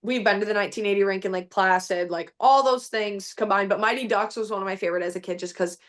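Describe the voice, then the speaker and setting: A young woman guest chatting casually on a podcast. Her voice sits at a middle pitch. She rambles easily and fills her sentences with "like", relaxed and unhurried. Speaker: guest, hockey player. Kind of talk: casual chat.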